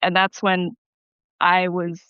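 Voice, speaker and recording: A young woman calling into an advice show, recounting a fight with many halting restarts. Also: lowish voice, monotone, a bit bright, smooth, dry recording. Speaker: caller. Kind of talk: call-in advice conversation. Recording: muffled phone-line caller audio.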